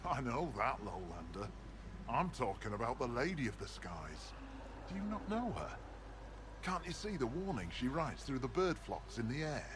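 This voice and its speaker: An actor playing a blunt, dry-witted male clan healer and mystic in a video game, speaking tersely and gruffly. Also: medium pitch, sing-song, normal speed, noisy background, close to an everyday voice. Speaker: game character.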